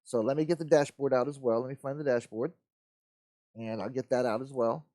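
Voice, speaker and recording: A man's voice: mid-range voice, fairly quick, warm tone, no echo. Guy hosting a live model kit build, folksy and rambly, mumbles to himself, dry close sound. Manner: rambling, talks to himself while working; easygoing, folksy. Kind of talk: casual live build commentary.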